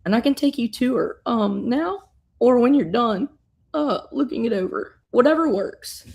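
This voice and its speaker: A woman's voice: on the high side, animated, normal speed, gravelly, voice pushed up. A woman doing an earnest young superheroine. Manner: polite and helpful, turns goading and loud.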